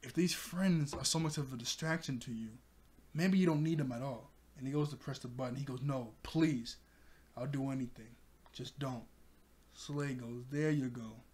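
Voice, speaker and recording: Speaking at a moderate pace with a medium pitch, this man gives his channel a casual cartoon episode recap. He's excitable, laughs a lot and bursts into loud exclamations.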